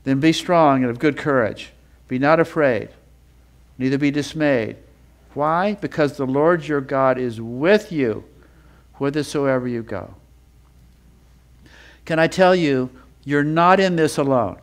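This man, a Bible teacher, teaches a sermon passionately, layering repeated phrases to build it up. He slows and lowers his voice to read scripture.

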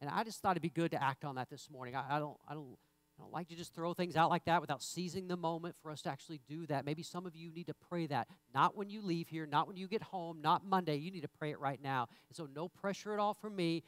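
Man preaching a sermon, conversational, repeats himself, builds to emphatic bursts; high, smooth voice. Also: fast talker, a bit bright, no room sound. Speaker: pastor. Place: church sanctuary.

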